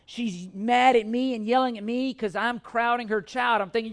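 A middle-aged male pastor preaching a sermon, telling a self-deprecating personal story with animated, humorous delivery before turning to scripture. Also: extremely high pitch, normal speed, hardly any pauses.

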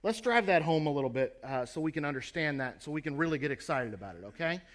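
A man delivers a sermon in a slightly higher voice. He tells the story earnestly and speaks straight to his listeners. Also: animated, fast talker, a bit bright. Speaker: preacher.

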